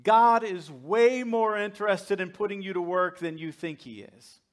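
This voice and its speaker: A man's voice: high-pitched, a little slow. A man preaching a sermon as pastor, conversational and joking with his congregation. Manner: humorous, conversational, laughs with the congregation.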